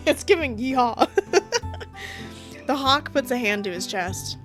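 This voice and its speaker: A woman's voice: high voice, sing-song, slow pace, long pauses, faint music behind. Giggly woman reading a visual novel aloud. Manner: giggly, chatty asides between narration. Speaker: game streamer.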